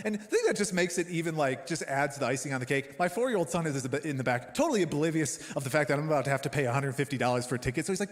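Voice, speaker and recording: A man in his thirties preaching a sermon as a pastor, telling a personal story in an animated, self-deprecating way. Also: fairly high pitch, racing, few pauses. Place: church auditorium. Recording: long hall reverb.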